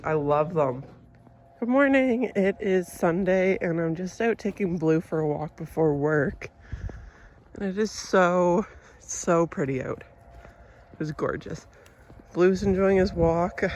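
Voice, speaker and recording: A woman's voice: low-pitched, slight background noise. A young woman with a stuffy, congested nose, chatting casually to camera as a vlogger in a rambling, easygoing way. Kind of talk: casual vlog chat.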